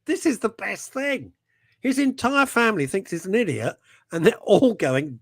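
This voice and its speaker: A talk show host whose voice swoops widely as he jokes, often breaking off mid-sentence to start again. His voice is on the higher side for a man and sounds dry and close, with almost no room around it. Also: slightly rough, dry recording. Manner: animated, jokey, quick to laugh, trails off and restarts. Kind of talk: casual talk show banter.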